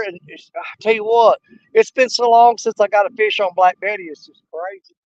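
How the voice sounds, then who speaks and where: A man's voice: high-pitched, no room sound, highs cut off. An older man, casually chatting and joking with viewers while hosting a fishing livestream outdoors. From Missouri, United States. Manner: folksy, joking, laughs often. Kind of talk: casual live-stream chat. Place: outdoors on a river.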